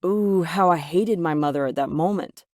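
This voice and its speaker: Lady narrating an animated story, dry voice-over, gets loud and dramatic when angry. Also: lowish voice, moderate pace, dry recording. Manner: expressive, rising loud on angry lines. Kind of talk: scripted first-person story narration.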